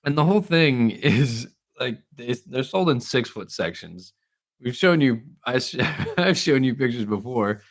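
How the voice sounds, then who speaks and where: A man on a relaxed podcast tells a story. He laughs often as he talks and acts out each person's lines. His voice sits at an ordinary middle pitch. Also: measured pace. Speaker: podcast co-host. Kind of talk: casual chat.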